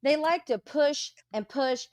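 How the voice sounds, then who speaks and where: Woman on a livestream, cussing and venting, kinda high voice. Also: slow, no room sound, studio quality. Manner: profane, animated ranting with mocking quotes. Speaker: livestream co-host. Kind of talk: casual chat.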